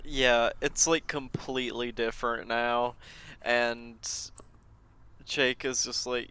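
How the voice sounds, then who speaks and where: A woman co-hosting a podcast, talking slowly and casually about a cartoon episode, often stammering and repeating her words. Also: extremely low pitch, fairly even intonation, a bit bright, clear, resonant tone, no echo. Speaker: podcast co-host.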